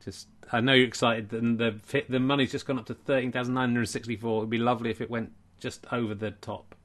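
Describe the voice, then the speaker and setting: A man's voice: mid-range voice, flat delivery, fast talker. A man, a comedian hosting a charity livestream, rambling and mock-pleading in late-night comic chat. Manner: rambling, mock-pleading, often hushed and quiet.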